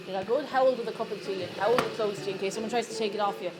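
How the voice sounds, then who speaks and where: Talking very fast in a medium-pitched voice, an Irish streamer chats with her audience while baking at home. Her tone is playful and teasing, and she jokes with chat throughout.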